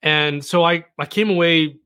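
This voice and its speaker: Guy chatting on a podcast, lively self-deprecating storyteller, dry close mic. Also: on the high side, normal speed, clean tone, no room sound. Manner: animated, self-deprecating storyteller with frequent restarts. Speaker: podcast guest. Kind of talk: casual storytelling conversation.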